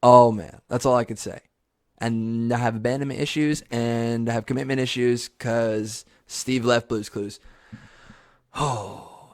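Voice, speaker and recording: A young man hosting his own podcast, telling a funny story solo in a loose, profane way, now and then jumping into high yelps. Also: normal speed, no room sound, clean studio sound. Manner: animated, swears a lot, jumps into high squeaky yells for emphasis. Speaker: podcast host.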